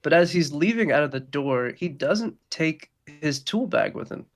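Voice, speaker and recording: A man's voice: fairly high pitch, animated, normal speed. A man running a tabletop game as game master, describing scenes in a loose way with lots of fillers.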